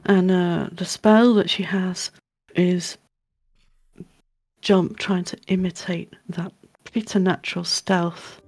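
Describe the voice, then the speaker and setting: Female player, husky tone, very dry close sound, slow and measured. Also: on the low side, level tone, darkish tone, dry recording. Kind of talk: casual chat at a tabletop game.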